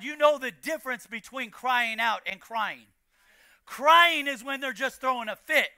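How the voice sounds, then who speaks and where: A man preaching a sermon as pastor, building to shouted emphasis and repeating key lines. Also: extremely high pitch, lively intonation, moderate pace, no room sound, clean studio sound. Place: church.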